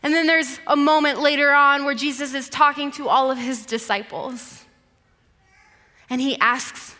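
A woman preacher giving a sermon, retelling a story dramatically, moving between vivid passages and hushed ones. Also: high voice, steady tone, unhurried, in a large hall.

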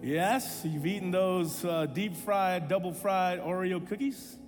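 A man in his thirties, a pastor, preaching a sermon and telling a personal story with animated self-deprecating humor. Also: sits high, slow pace, big-room sound, music in the background.

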